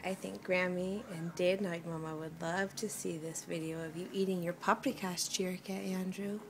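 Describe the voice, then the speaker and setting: A woman's voice: fairly low pitch, fairly even intonation, normal speed, noisy background. A woman filming her little boys at the dinner table, narrating a home video and coaxing the toddlers in a sing-song voice. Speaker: parent filming her children.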